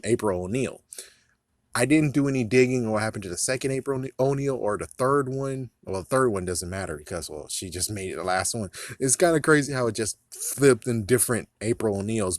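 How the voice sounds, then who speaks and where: In casual movie commentary, a vlogger with a lowish voice rambles, swears and laughs at his own jokes, recorded with clean studio sound and no room noise.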